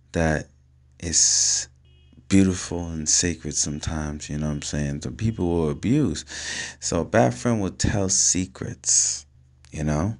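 Vlogger, male, lowish voice, casual profane riffing to camera. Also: darkish tone. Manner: loose, streetwise, swears freely, keeps asking "you know what I'm saying". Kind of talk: casual solo talk to camera.

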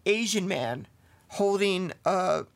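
A man's voice: high voice, lively intonation, takes it slowly, creaky. A man hosting a podcast, telling a true-crime story in a loose, rambling way with lots of fillers and swearing. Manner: rambling, profane, filler-heavy. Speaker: podcast host. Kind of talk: casual storytelling of a true case.

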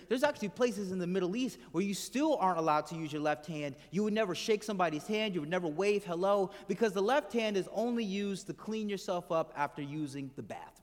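Male pastor, high-ish voice, conversational sermon delivery with soft trailing endings, reverberant sanctuary. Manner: conversational, asks the congregation questions; drops to a soft low voice at the end of phrases. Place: church hall with congregation. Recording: hall reverb from the room.

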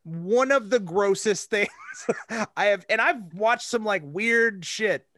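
A podcast host chats casually, giggly and rambling with lots of fillers and frequent laughter. His voice is high-pitched and fairly bright, slow-paced, with no echo.

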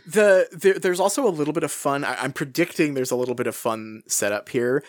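A man co-hosting a podcast, chatting casually about a book, with many restarts and lively pitch swings. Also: fairly quick, no room sound, clean studio sound. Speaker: podcast co-host.

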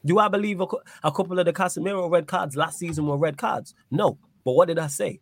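A man's voice: a little high, quick pace, few pauses, dry recording. A man with a slightly raised voice makes his case firmly on a casual football stream. He keeps asking and answering his own questions. The sound is close and dry. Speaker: football pundit on a live stream. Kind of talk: casual debate.

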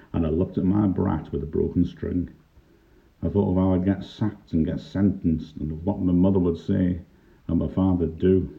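Older man, low voice, wry storytelling. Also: creaky. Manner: wry, dry humour. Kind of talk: reminiscing first-person story narration. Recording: tinny lo-fi narrow-band recording.

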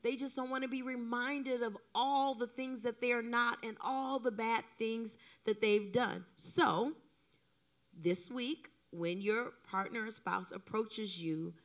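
A middle-aged woman co-preaching a sermon in an animated, emotional way, often acting out the lines she quotes. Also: on the high side, slow pace. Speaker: co-pastor.

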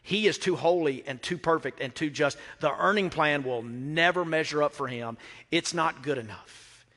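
A man's voice: on the high side, moderate pace, sharp tone. Pastor preaching, middle-aged guy, repeats himself for emphasis, long church reverb. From Mississippi. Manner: emphatic, repeats phrases, asks the crowd questions. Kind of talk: sermon. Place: church sanctuary. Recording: reverberant hall.

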